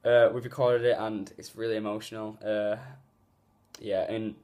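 A man's voice: lowish voice, level tone, normal speed, darkish tone. Rambling young man on a phone vlog. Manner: rambling, filler-heavy, earnest. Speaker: gaming YouTuber. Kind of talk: casual vlog talk. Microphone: phone mic.

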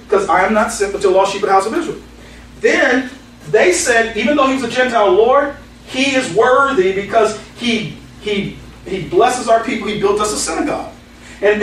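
A pastor with a high, somewhat bright voice teaches the Bible verse by verse in a conversational way, quoting scripture and sharing anecdotes. The mic sits at a distance in an echoey hall, and there's a little hiss or hum.

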